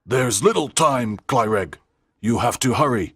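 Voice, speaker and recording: A woman voicing a commanding male alien leader who speaks with a strange, deep, husky voice, in a storybook reading for English learners. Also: expressive, a little slow, no room sound, clean studio sound, full character voice.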